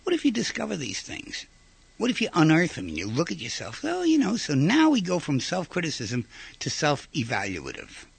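Husky, gravelly man lecturing animatedly. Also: on the high side, huge pitch swings, moderate pace, no echo. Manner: conversational, asks the audience rhetorical questions; acts out short quoted voices. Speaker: speaker giving a talk. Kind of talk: informal lecture.

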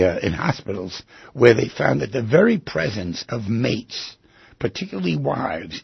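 A radio talk show host muses aloud in a reflective monologue on psychology, peppering his listeners with rhetorical questions. His voice sits on the low side, gravelly and husky, captured dry with no echo on lo-fi sound.

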